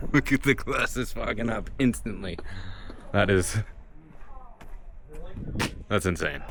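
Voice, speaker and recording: Low-voiced, slow-talking awestruck male vlogger. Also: a bit bright, slight background noise. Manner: awestruck, rambling, jokey. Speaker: travel vlogger. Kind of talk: casual vlog narration. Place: outdoors on a mountain summit. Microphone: handheld camera.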